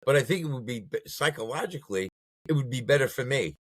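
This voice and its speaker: A man's voice: fast talker, dry recording. A man who is a guest on a podcast, in casual political chat. He talks bluntly and swears often. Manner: blunt and profane, with lively swings of pitch.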